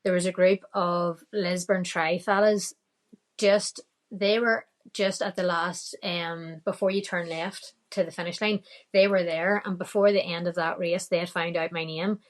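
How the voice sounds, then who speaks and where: A woman's voice: on the low side, fairly even intonation, a little slow. A woman with a Northern Irish accent, a podcast guest telling a story casually, quoting her own thoughts and laughing often.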